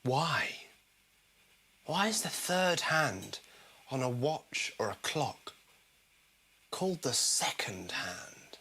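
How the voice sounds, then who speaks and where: A man's voice: mid-range voice, big pitch swings, slow, pauses often, bright, forceful tone, husky. A British man hosting a live comedy show, chatting and reading out viewer comments in a self-mocking way.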